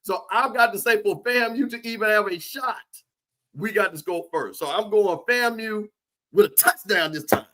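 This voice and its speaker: A man, joking around and talking football in an animated, teasing way as co-host of a sports show. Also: high-pitched, moderate pace. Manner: animated, joking, repeats names for emphasis. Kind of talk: comedic sports chat.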